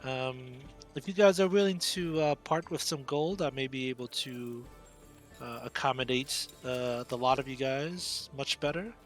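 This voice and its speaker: A man voicing a polite, scheming male innkeeper in a tabletop game, speaking in a courteous, fawning way with raised pitch. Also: unhurried, a bit bright, faint music behind, natural voice. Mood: wheedling.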